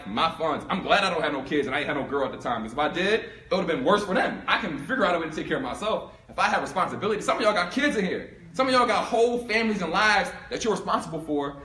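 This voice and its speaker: A young man from Philadelphia giving a storytelling talk to a live audience, animated and acting out both sides of his story. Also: high-pitched. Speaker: speaker giving a talk on income. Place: room with an audience. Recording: echoey room.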